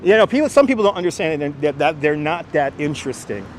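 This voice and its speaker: This livestreamer, a middle-aged man from New York, talks fast and very animatedly in a voice on the high side, with a light New York accent. Strolling city streets on a wireless clip-on mic, he answers viewer comments as faint street noise drifts in.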